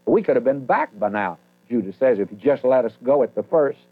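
A man's voice: medium pitch, lively intonation, fairly quick, few pauses. Folksy male Bible teacher on old radio. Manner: folksy, reads King James verses aloud then paraphrases. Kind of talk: verse-by-verse sermon. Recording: narrow phone-like old radio broadcast.

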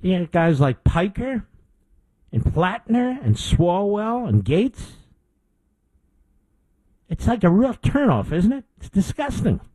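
A man's voice: sits high, sing-song, slow pace, pauses often, mellow, dry recording, low-quality recording. A middle-aged man hosting a political talk show, delivering an indignant opinion monologue with emphatic repetition.

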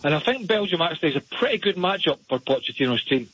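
A man's voice: fairly high pitch, big pitch swings, fast, fairly bright tone, slightly rough, no room sound. A man working as a soccer analyst, giving blunt, opinionated analysis on a sports radio show. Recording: dull, lo-fi remote line.

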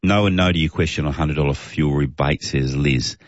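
A man's voice: rumbling low, fairly quick, dry recording, dull audio. A man with an Australian accent hosting talk radio, reading listener texts in a chatty, jokey, matey way. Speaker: radio host.

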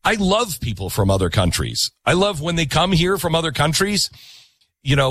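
A man's voice: on the high side, normal speed. A man hosting a talk show, delivering an opinionated monologue with emphatic repetition. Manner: animated, emphatic, repeats himself.

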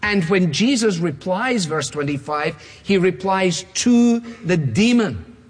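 Husky-voiced man preaching in a reverberant hall. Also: high-pitched, expressive. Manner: emphatic, repetitive phrasing, slows down to stress points. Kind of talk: expository sermon. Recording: long reverb of a large hall.

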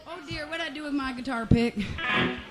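A woman from Vermont banters with her audience between songs in a high, bright voice. She talks in a chatty, self-mocking way, tripping over restarts now and then. Faint crowd noise and music sit behind her in the live recording. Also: fairly quick. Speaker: singer-songwriter performing live.

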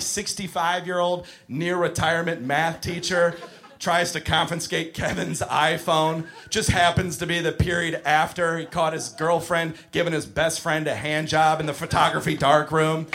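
A man doing a stand-up routine, profane and animated, shouting his punchlines. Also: fairly high pitch. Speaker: stand-up comedian.

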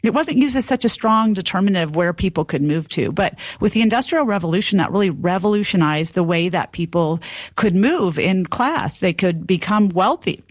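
A woman's voice: lowish voice, expressive, normal speed, dry recording. A woman professor, a guest expert, explaining at length in an interview with a fluent, lecturing manner.

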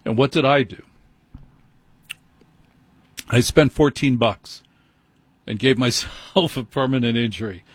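A man's voice: medium pitch, a little slow, pauses often, breathy edge, dry recording. A man hosting a late-night call-in radio show, telling a wry, self-deprecating story in a conversational way. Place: radio studio.

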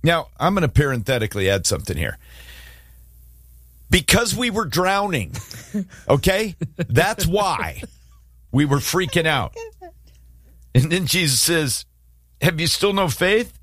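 A man's voice: a little high, unhurried, long pauses, no room sound. A man hosting a casual faith talk show, telling stories with animation and acting out scenes as he goes. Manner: animated, storytelling, dramatizes scripture scenes. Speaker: host.

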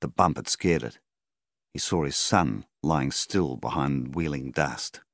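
Very deep, gravelly Australian man narrating. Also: unhurried, no echo, studio quality. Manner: steady storyteller, voices the characters. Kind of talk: audiobook narration.

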